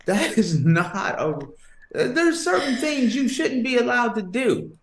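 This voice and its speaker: A man hosting a comedic podcast, telling stories with lively, laughing delivery. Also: extremely high pitch, slow. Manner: animated storytelling, laughing often. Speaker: podcast host. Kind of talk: comedic sports podcast banter. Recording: echoey room with faint noise.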